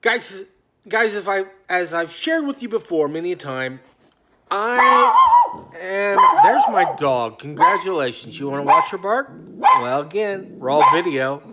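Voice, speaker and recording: A man in a rambling, casual rant to his phone camera at home, often stopping himself and trailing off into quiet mutters. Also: fairly high pitch, big pitch swings, moderate pace, very noisy. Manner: talkative, self-interrupting, drifts off into quiet mutters. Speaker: vlogger. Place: at home on a couch.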